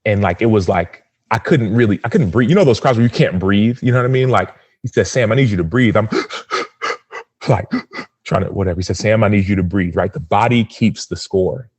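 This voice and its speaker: A man in his thirties, a podcast guest, telling a personal story in an earnest, animated way and acting out the quotes. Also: fairly low pitch, fairly quick, no room sound.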